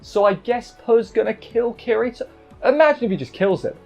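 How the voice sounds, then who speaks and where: A man's voice: very high-pitched, a little fast, gravelly, faint music behind. A man talking through an anime episode review in a rambling, chatty way, often stopping to correct himself. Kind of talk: casual spoken review.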